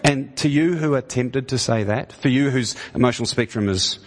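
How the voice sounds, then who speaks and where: A man's voice: mid-range voice, moderate pace. A man preaching a conversational sermon in a church, often restarting his words and rising into emphatic questions. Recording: long hall reverb.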